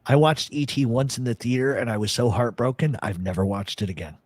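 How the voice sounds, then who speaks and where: A man's voice: mid-range voice, a little fast, dry recording. A man hosting a casual talk show, rambling and swearing as he chats about old films. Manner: profane, rambling, animated storyteller. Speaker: podcast host. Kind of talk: casual chat.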